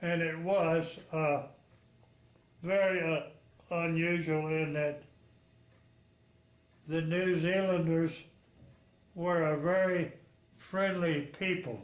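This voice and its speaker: Recorded in an echoey room, the speaker is a ninety-something World War II veteran from Texas with a slightly high voice and a steady tone. He takes his time, pausing at length, as he rambles frankly through oral history stories and chuckles along the way.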